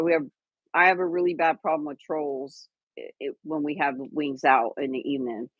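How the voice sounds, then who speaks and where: A woman's voice: low-pitched, no echo, dull audio. A woman hosting a livestream, chatting casually with viewers and a co-host, rambling with fillers and restarts.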